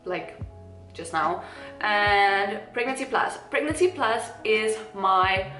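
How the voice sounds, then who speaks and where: A woman's voice: mid-range voice, animated, slow, a bit bright. A young South African woman chatting casually to camera as a vlogger, rambling with giggly asides. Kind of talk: casual chat. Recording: echoey room with faint music.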